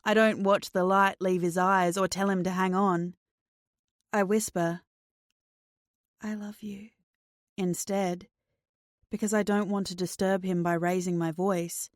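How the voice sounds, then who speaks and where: A woman narrating a first-person thriller audiobook in a slow, measured, tense way. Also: mid-range voice, no echo, studio quality.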